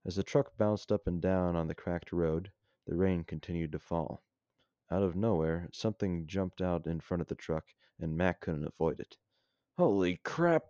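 A man's voice: sits low, fairly even intonation, moderate pace, dark tone, dry recording, muffled recording. A man hosting a casual podcast, reading his own story aloud in a dry manner and stopping to retake lines. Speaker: podcast host and story reader.

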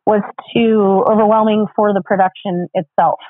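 A woman's voice: mid-range voice, fairly even intonation, normal speed, no echo. A woman chatting casually as a guest about her acting work, laid-back and full of fillers. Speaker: podcast guest, background actor. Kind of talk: casual chat. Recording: tinny phone-like sound.

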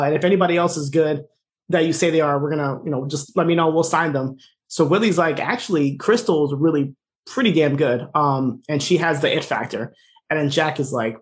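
Man, podcast co-host, fast casual recap, fillers, laughs, slightly high voice. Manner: quick, animated retelling with fillers and laughs. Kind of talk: casual chat.

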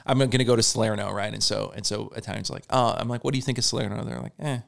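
Gravelly low-voiced man, rambling chat. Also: fairly even intonation. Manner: rambling, repeats words, lots of swearing, quotes people in quick asides. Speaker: stand-up comedian. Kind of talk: casual podcast chat.

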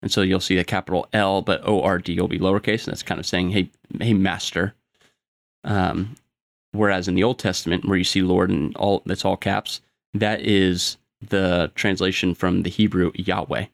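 Really low gravelly guy walking through bible verses, dry sound. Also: moderate pace, no room sound. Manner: steady teaching tone with filler ums. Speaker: Bible study co-host. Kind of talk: explaining scripture.

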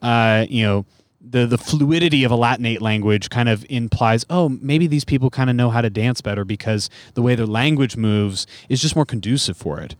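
A man's voice: medium pitch, fairly quick, no echo. Comedian guy rambling on a podcast, lots of you knows, dead dry mic. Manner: rambling, many fillers. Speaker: comedian guest. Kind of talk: casual podcast chat.

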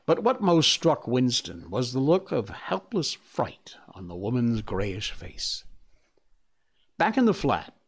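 A man hosting his own show, his voice rising and falling in a lively way with chuckling asides. He also reads a novel aloud in a quiet, measured tone. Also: mid-range voice. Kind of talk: casual chat, then book reading.

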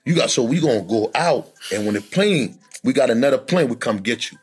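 A man on a podcast telling a hard personal story with lots of emotion, acting out other people's voices in loud high bursts. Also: brisk, husky, soft background music. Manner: animated, acts out voices and shouts in high bursts. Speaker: podcast guest sharing his story.

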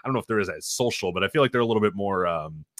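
A man's voice: lowish voice, expressive, very fast, fairly bright tone, no echo, clean studio sound. A man co-hosting a podcast in casual chat, rambling with frequent laughs and swearing. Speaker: podcast co-host.

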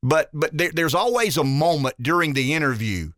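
On his talk radio show, a man with a rural Southern US accent delivers opinionated commentary in an emphatic, folksy way, repeating words as his points build. His voice is a little high, expressive and fairly bright at normal speed, captured in a dry, clean studio recording.

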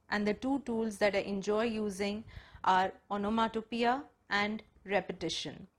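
A woman storyteller on a panel, explaining audience participation and chanting rhythmic sound words to show how it works. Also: fairly high pitch.

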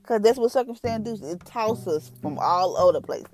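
A woman's voice: mid-range voice, lively intonation, brisk, a little mellow. A woman in giving a casual, earnest devotional talk as a podcast host, colloquial and full of fillers. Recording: music bed behind voice.

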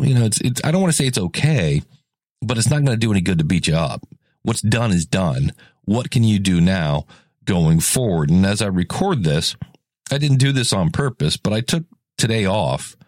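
A man's voice: deep voice, a little mellow, no echo, clean studio sound. A man hosting a casual solo podcast, chatty and rambling, often correcting himself mid-sentence. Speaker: podcast host.

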